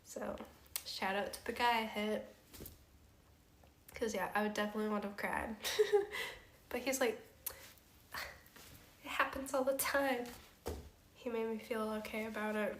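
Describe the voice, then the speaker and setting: A woman's voice: medium pitch, moderate pace, pauses often, a little hiss or hum. A young woman streamer telling a story in casual chat, laughing often and using lots of fillers. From Canada. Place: house room. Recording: roomy echo.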